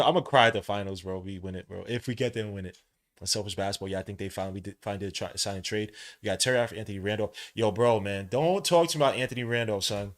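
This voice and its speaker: A man hosting a live watch-along podcast, giving casual play-by-play in a relaxed, slangy way and jumping from hushed commentary to loud excited outbursts. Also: on the low side. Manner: casual slang, talks to the listener like a friend. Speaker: podcast host calling a game.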